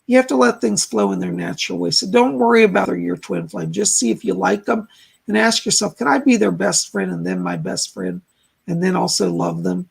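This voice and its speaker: Gravelly, husky-voiced man giving readings. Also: sits high, very animated, a little fast. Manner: gentle, reassuring, chatty advice-giving. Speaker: psychic medium, live-stream host. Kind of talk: casual live-stream readings.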